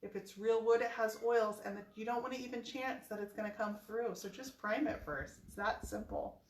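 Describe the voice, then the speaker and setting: A woman's voice: a little high, steady tone, normal speed, slight background noise. Chatty woman teaching in an echoey room. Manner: chatty and playful, repeats key tips. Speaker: furniture painting host. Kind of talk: casual painting tutorial. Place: home workspace.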